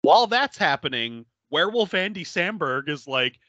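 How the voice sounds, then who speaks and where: A man's voice: high voice, moderate pace, no room sound, muffled recording. A man co-hosting a casual podcast, retelling a movie plot with lots of laughter and acted-out quotes. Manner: laughing often, animated retelling with quoted voices. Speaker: podcast co-host. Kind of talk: casual movie recap chat.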